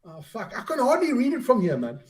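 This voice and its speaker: A man's voice: extremely high pitch, huge pitch swings, fairly quick, roomy sound, far from the mic, a crowd in the background. A man co-hosting a rugby podcast in casual chat, self-deprecating and stumbling over names. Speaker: podcast co-host.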